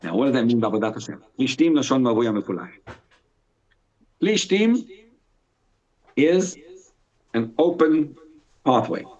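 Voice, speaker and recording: A man, a rabbi, teaching a live Torah class in an animated way, asking and answering his own questions and reading Hebrew text aloud. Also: medium pitch, measured pace, pauses often. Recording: dull lo-fi sound.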